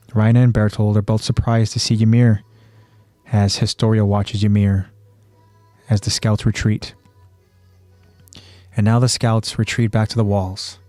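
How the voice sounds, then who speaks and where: A man with a fairly low voice, co-hosting a podcast and recapping an episode. He tells it plainly, pausing often and falling back on fillers. The sound is dry and close, with faint music underneath. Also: warm tone, no room sound. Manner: plain storytelling with pauses and fillers. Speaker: podcast co-host.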